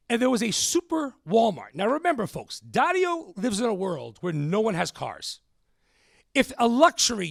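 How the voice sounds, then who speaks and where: A male podcast host telling a story in an animated way, calling listeners "folks". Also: sits high, creaky, dry recording, studio quality.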